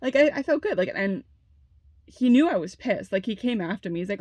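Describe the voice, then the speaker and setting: In a casual, heated monologue, this young adult woman recounts a personal story, filling her talk with "like" and frequent swearing. Her mid-range, mellow voice has lively intonation and moves a little fast, with no room sound in the recording.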